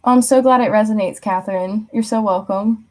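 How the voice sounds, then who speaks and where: A woman's voice: mid-range voice, fairly even intonation, a little fast. Chatty young woman giving a reading. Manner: chatty, lots of "like", laughs often, acts out quotes. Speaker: tarot reader. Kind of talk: casual spoken reading.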